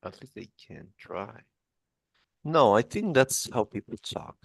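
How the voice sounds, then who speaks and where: A man's voice: medium pitch, big pitch swings, unhurried, gravelly, dry recording. A man tutoring a student one-on-one, patiently going over test answers with many restarts. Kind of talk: one-on-one lesson review.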